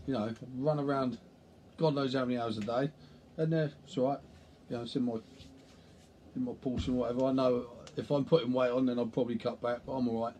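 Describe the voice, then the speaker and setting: Medium in pitch and fairly even in intonation, this man talks briskly with a darkish tone, slight background noise behind him. He's a nutrition coach and personal trainer, addressing the camera casually and bluntly in a vlog, swearing now and then.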